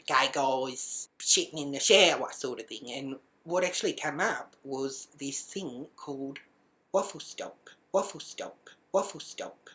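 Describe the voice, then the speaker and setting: A woman tells a rude personal story as a casual monologue. Her voice sits a little low, and she swears constantly, leaping into loud outbursts whenever she quotes herself. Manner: profane, animated, shouts quoted lines.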